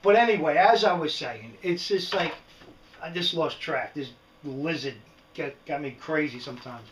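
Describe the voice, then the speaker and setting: A man's voice: on the high side, moderate pace, distant mic, slight background noise. A middle-aged man with a New York accent, ranting casually and rambling in a vlog, often tossing in "right?". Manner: animated, rambling, frequent "right?" asides. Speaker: prepping vlogger. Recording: echoey room, speaker away from the mic.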